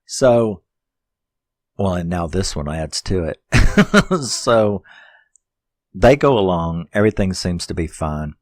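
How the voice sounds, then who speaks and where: A man's voice: deep voice, expressive, slow, pauses often, no echo, studio quality. A man casually reviewing a horror film, rambling and swearing as he retells the plot with laughs. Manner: rambling, profane, laughing storytelling.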